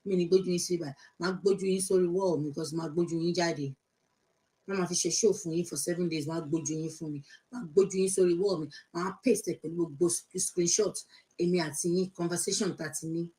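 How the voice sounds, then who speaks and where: Scolding woman, rather low voice. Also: warm tone, rough recording. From Nigeria. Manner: confrontational, scolding, mocking. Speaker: blogger. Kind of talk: angry social-media rant.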